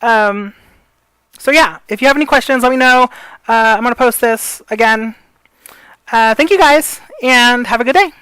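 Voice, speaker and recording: A woman walks through breathing and pitch exercises in a loose, rambling way, often pausing on filler words. Her voice sits on the higher side and sounds smooth and clear. The recording is dry, with no room sound. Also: fairly bright tone, no echo, rough recording. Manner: rambling, filler-heavy, apologetic. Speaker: voice coach. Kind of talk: casual spoken tutorial.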